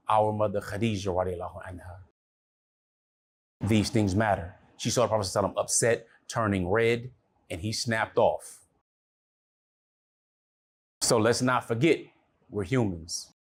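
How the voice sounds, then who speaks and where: A man's voice: medium pitch, slightly rough. A middle-aged man, a relationship coach, talking casually to camera, telling stories in a conversational way and dropping in religious phrases.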